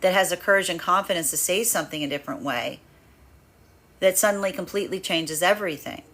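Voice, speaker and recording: Bright-voiced woman giving a tarot reading. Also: on the low side, fast talker. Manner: rambling and animated, acts out inner voices with laughs. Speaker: tarot reader. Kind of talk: spiritual energy reading, monologue.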